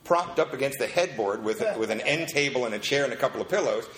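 A man telling a lively story at a recovery meeting and acting out the people in it. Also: mid-range voice, fast talker, roomy sound. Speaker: speaker sharing his story at a recovery meeting.

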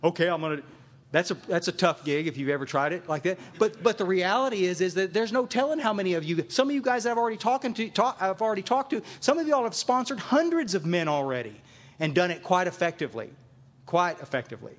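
Emphatic higher-voiced man. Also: expressive, quick pace. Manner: emphatic, repeats phrases for emphasis. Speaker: recovery group speaker and sponsor. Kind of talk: speaking to a live meeting audience. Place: meeting room with a live audience.

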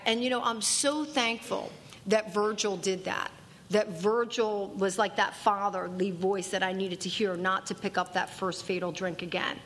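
A woman's voice: medium pitch, steady tone, moderate pace, a bit bright. A woman giving a personal testimony at a recovery meeting, earnest and emphatic, repeating key lines for weight. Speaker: speaker sharing at a recovery meeting.

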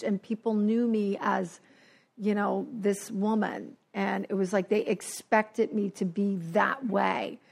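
A woman sharing her recovery story at a meeting, animated and acting out the voices of people she quotes. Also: mid-range voice, creaky. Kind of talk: personal recovery share. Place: New Jersey.

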